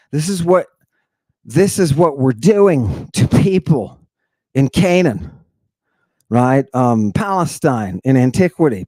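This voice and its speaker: A man giving an informal lecture on ancient texts in a theatrical way, swinging between hushed, dark asides and excited outbursts. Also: a little high, no echo.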